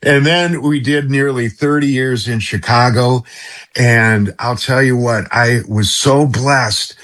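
A man's voice: medium pitch, slow pace, fairly bright tone. A middle-aged man guesting on a talk radio show, effusive and rambling, often restarting his sentences. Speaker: radio guest, former radio host.

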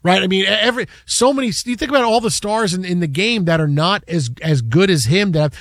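A man hosting a sports talk show, telling stories in an animated, rambling way. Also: high-pitched, no echo, clean studio sound. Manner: animated storyteller, fast and rambling. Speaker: sports radio host.

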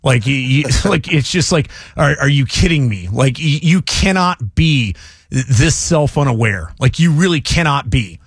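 A man hosting a morning sports talk radio show, speaking in an animated, emphatic way with quick restarts. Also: medium pitch, breathy edge, no echo, clean studio sound. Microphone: studio microphone.

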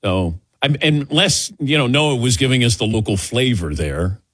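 A man's voice: medium pitch, lively intonation, moderate pace, a bit bright, breathy edge, no echo. A man hosting a sports radio show, chatting casually and laughing easily with his crew.

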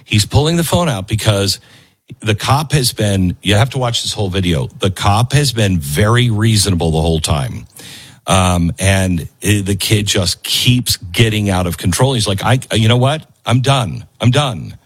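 A man's voice: on the low side, expressive, normal speed, slightly rough. A man hosting an opinionated commentary show, speaking emphatically and repeating his key phrases like a lecture. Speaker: host.

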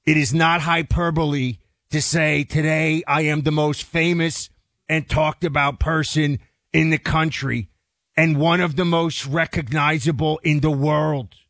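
A man co-hosting a political talk show, speaking indignantly, with his voice climbing high as he gets worked up. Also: steady tone, a little slow, a bit bright, no echo, studio quality. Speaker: talk radio co-host.

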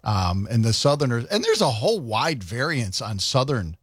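A man's voice: medium pitch, very animated, moderate pace, breathy edge, no echo, studio quality. A male radio morning host talking casually and rambling with lots of fillers and restarts. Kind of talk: casual on-air chat.

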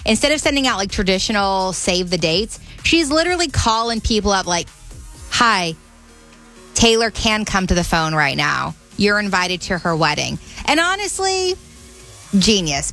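A woman with a Minnesotan accent hosting a radio entertainment segment, chatting excitably about celebrity news with lots of "like" fillers. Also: on the high side. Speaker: radio host.

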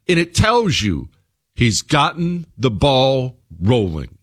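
A man's voice: medium pitch, sing-song, takes it slowly, breathy edge. A man hosting his own radio show speaks in a middle register. He delivers an opinion monologue and stacks repeated phrases for emphasis.

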